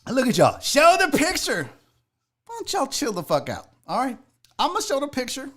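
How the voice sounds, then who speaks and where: A man in his forties hosting a podcast and telling a comedic story, animated and profane, swinging from loud bursts to low asides. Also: normal speed. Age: 40s. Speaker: podcast host. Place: seated in a chair.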